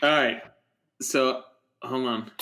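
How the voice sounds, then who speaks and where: A man's voice: medium pitch, steady tone, takes it slowly, pushed and bright. A man hosting a podcast in casual chat, cutting in to steer the talk and laughing along with his guest. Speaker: podcast host.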